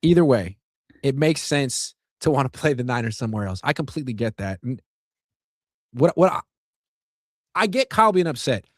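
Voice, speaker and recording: Man, sports podcast co-host, opinionated, steady, mid pitch, dry close sound. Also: moderate pace, long pauses, no echo. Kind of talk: casual sports talk.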